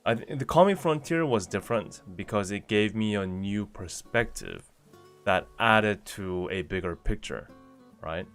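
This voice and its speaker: A man's voice: lowish voice, lively intonation, unhurried, a bit bright, faint music behind. A man streaming casually, reading viewer messages aloud and answering them one by one in a chatty way. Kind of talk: casual livestream chat.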